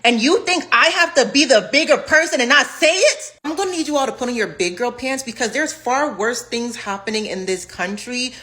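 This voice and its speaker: Woman, angry rant, emphatic, slightly high voice. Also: expressive, brisk, few pauses, pushed and bright. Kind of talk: ranting social media video.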